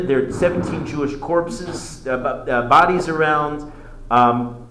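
Brief: history teacher, storytelling lecture, mid pitch, roomy classroom sound. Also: male voice. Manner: animated storytelling with frequent restarts. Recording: echoey classroom with faint noise.

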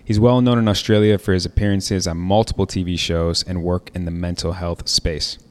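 A man's voice: deep voice, fairly even intonation, moderate pace, darkish tone. A man hosting a podcast, upbeat and chatty as he introduces and interviews his guest. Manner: upbeat, friendly, chatty, with frequent fillers. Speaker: podcast host.

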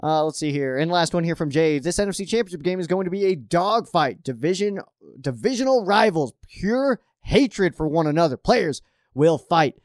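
A young man hosting a casual fan stream, reading viewer questions and riffing on them in a rambling way that builds into excited outbursts. His voice sits a little high for a man and sounds dry and close, with no room around it. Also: moderate pace, no echo. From Colorado. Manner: excitable, rambling, gets worked up. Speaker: fan show host answering viewer questions. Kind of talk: casual livestream chat.

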